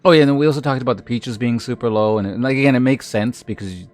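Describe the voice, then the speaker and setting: Speaking fast in a mid-range voice with a darkish tone, a streamer chats casually and ramblingly with his viewers, restarting often and using many filler words.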